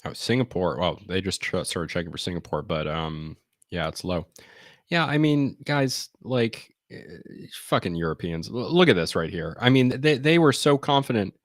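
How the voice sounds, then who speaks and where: Man, lowish voice, dry close sound, sarcastic live-stream commentary, rambling. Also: lively intonation, moderate pace, dry recording. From United States.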